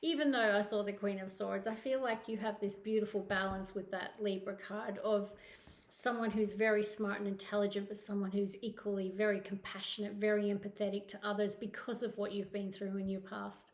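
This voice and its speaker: Speaking a little fast in a level, medium-pitched voice, this Scottish tarot reader delivers her monthly reading to camera. Effusive and emotional, she keeps asking "okay?" while a roomy echo fills the sound.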